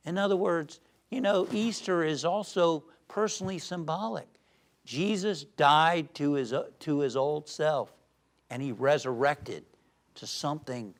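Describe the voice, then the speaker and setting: High-voiced animated male preacher. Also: a little slow. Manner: animated, swings between loud emphasis and soft calm; tells jokes with acted voices. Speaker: spiritual teacher. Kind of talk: uplifting sermon.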